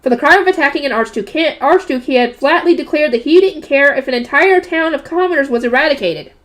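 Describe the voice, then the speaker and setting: A young woman reading a novel aloud and breaking off into chatty, loud reactions and questions to her audience. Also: sits high, quick pace. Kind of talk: book reading with casual commentary.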